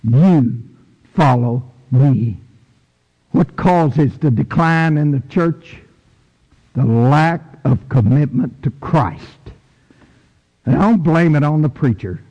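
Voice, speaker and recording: Slow folksy preacher in an echoing hall. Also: male voice, animated, a little mellow, dull audio. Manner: folksy, emphatic, with sudden high bursts. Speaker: pastor. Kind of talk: sermon. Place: church sanctuary. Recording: long echo of a big hall.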